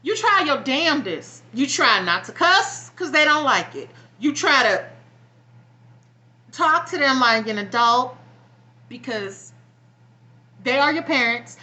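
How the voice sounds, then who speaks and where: A woman's voice: high-pitched, big pitch swings, takes it slowly, pauses often, bright, forceful tone. A young woman venting bluntly and with a lot of swearing in a personal vlog, close to tears and frustrated. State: near tears. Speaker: vlogger. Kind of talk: emotional personal vlog rant.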